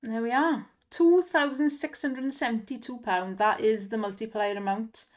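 A woman's voice: on the high side, moderate pace. Giggly woman gushing over wins. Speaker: slot video host. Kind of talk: excited commentary on slot wins.

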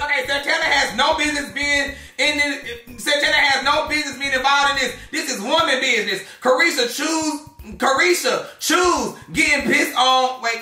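This gossip show host is a man whose very high voice has a sharp edge as he reads celebrity drama posts and fires back sassy, exclamatory reactions. He's recorded from a distance, off mic, in a room with echo and faint music playing.

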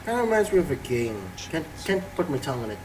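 This let's play host has a fairly high voice with big pitch swings and talks fast, with background noise and game music behind him. He plays along casually and playfully, thinking aloud and reading the on-screen text.

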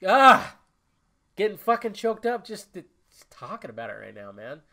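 A man's voice: a little high, sing-song, brisk, vocal fry, fairly bright tone. A young man hosting a casual solo podcast, rambling and emotional, cursing often as he talks. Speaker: podcast host.

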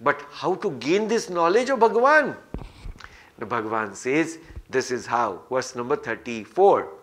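A man's voice: medium pitch, very animated, a little slow, a bit bright. A man giving a scripture lecture, telling stories and repeating phrases for emphasis. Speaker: spiritual teacher.

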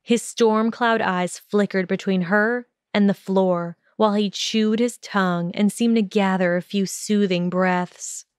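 A woman narrating a fan audiobook in a measured, even storytelling manner on a close mic. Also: mid-range voice, clear, resonant tone, dry recording. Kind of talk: scripted narration.

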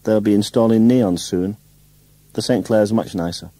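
A man's voice: lowish voice, normal speed, warm tone, no room sound, lightly acted, rough recording. A man voicing a sardonic young woman who speaks in a cool, ironic way. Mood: wry. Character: dry, sardonic young woman, an amateur actress.

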